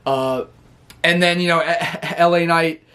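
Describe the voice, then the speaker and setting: A man's voice: fairly high pitch, fairly even intonation, a little slow, sharp tone, clean tone. A man casually recapping a wrestling show, rambling and laughing often as he acts out what the wrestlers said.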